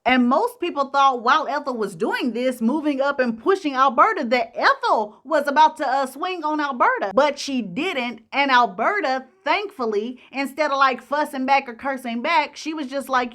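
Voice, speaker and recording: A woman host telling gossip stories in a chatty, slangy, animated way. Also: high-pitched, moderate pace, few pauses. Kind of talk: casual gossip storytelling.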